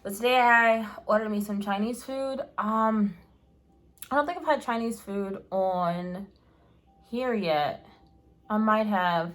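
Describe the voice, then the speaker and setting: Eating while she talks, a young mukbang vlogger rambles through a relaxed at-home show, full of fillers and false starts. She speaks slowly in a mid-range voice.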